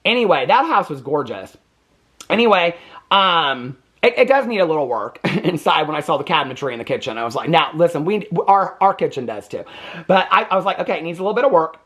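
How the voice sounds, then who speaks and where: A man hosting a casual TV reaction recap with a Midwestern American accent, chatty and sarcastic, laughing often and mimicking people in high mocking voices. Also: animated, a little fast, a bit bright. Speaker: TV recap host.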